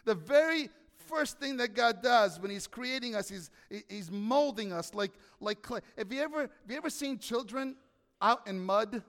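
A male pastor preaching a sermon in a church, animated, often asking the congregation questions. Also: very high voice, normal speed, long reverb tail.

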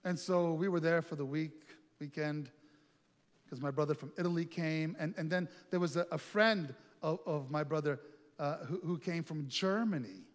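A middle-aged male pastor telling a lively personal story in a sermon, acting out the other voices in it. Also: fairly high pitch, normal speed. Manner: animated storytelling with quoted voices. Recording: long reverb, faint music.

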